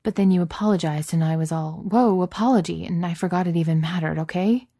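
A sharp, defensive genius heroine who hides behind quips, voiced by a woman reading the story aloud. Her voice sits low and mellow, and gets pushy and higher when pressed. The sound is dry and close. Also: a little fast, no room sound. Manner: quippy and defensive, rising when upset.

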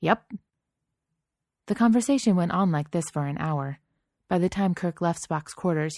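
A woman's voice: low-pitched, dark tone, no room sound, studio quality. A woman reading a story aloud in a wry, conversational narrating voice. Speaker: reader. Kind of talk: reading fan fiction aloud.

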